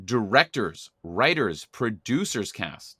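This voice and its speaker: Man, podcast host, lowish voice, chatty, emphatic, dry close sound. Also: big pitch swings, slow, sharp tone, breathy edge, dry recording. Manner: chatty and emphatic, acts out quoted dialogue. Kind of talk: casual podcast conversation.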